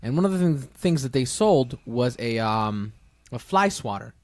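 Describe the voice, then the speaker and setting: Laughing podcast co-host, dry close mic. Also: male voice, mid-range voice, lively intonation, normal speed, no room sound. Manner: laughing storyteller, acts out callers. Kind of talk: casual chat.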